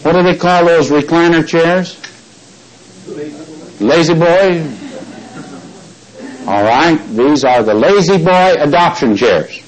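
Slow, emphatic preacher man. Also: a little high, low-quality recording. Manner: emphatic, quizzes the congregation; stretches key words slowly for stress. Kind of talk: Bible teaching sermon.

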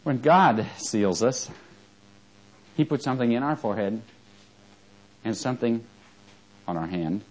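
A man's voice: lively intonation, a little slow, pauses often, poor audio. Fervent preacher, questioning his flock. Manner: swings from fervent rising emphasis to low quiet asides, asks the congregation questions. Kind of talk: sermon.

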